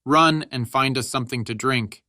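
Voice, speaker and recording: A man's voice: mid-range voice, moderate pace, sharp tone, dry recording, clean studio sound, close to an everyday voice. A man voicing an impatient young soldier who bosses a comrade curtly.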